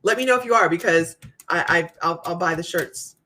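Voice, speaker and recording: A woman psychic medium hosting a casual live chat, telling stories to her viewers in a chatty, animated way. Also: fairly low pitch, a little fast, a little hiss or hum. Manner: chatty storytelling, Southern US "y'all".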